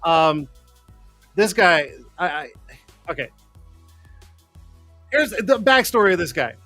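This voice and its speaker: A man's voice: high-pitched, very animated, slow, bright, forceful tone, soft background music. A man hosting a live streamed show in casual chat, rambling, swearing freely and laughing often.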